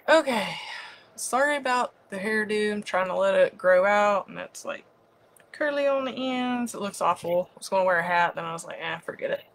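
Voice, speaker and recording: Virginia gal running a craft live stream, chatty and bubbly, mid-pitch voice that jumps way up on hellos. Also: female voice, animated, moderate pace, fairly bright tone. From West Virginia. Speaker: craft livestream host. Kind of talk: casual live-stream chat.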